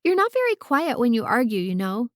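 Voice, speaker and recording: A woman's voice: a little high, big pitch swings, a little fast, no room sound, clean studio sound, voice pushed up. A woman doing a blunt, precocious little girl. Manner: matter-of-fact and cheeky.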